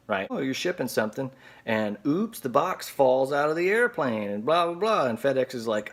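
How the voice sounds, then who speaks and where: A man's voice: mid-range voice, very animated, normal speed, a bit bright. A man telling a story to camera as a video blogger, sarcastic and exasperated.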